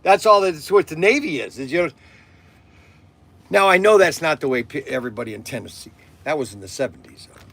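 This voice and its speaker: A middle-aged man from Southern Ohio chats casually as the host of a livestream. His voice sits high and swings widely in pitch. He rambles from one aside to the next and laughs often. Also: lively intonation, brisk, creaky, a bit bright.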